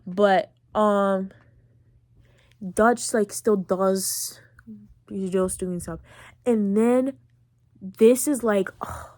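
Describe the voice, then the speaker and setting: A teenage girl hosting a podcast who recaps a video game in a chatty, excitable way, full of fillers. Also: medium pitch, drawn-out words, pauses often, no echo. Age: late teens. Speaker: podcast host.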